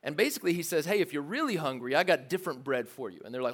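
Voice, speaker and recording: A man preaching a sermon in a lively, joking way, acting out the voices of the crowd. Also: a little high, very fast. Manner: animated, jokey preaching with acted-out crowd voices. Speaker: pastor.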